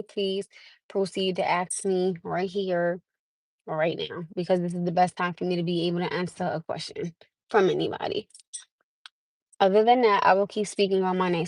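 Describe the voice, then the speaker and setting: Woman rambling on her live stream to viewers, mutters quietly at times, dry close sound. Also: mid-range voice, fairly even intonation, fairly quick, no echo, low-quality recording. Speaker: livestream host. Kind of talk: casual live-stream chat.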